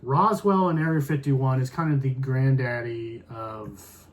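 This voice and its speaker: A man's voice: mid-range voice, steady tone, a little slow, a little hiss or hum. A man in his thirties chatting on a podcast in a middle-range voice. He rambles along, leaning on "like" as he hunts for his point. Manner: rambling, heavy use of "like". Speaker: podcast co-host. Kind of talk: casual chat.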